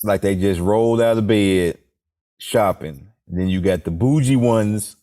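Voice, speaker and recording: A man's voice: fairly low pitch, a little slow, mellow. A man, co-hosting a podcast in casual, joking banter. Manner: joking, slips into playful impressions. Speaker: podcast co-host.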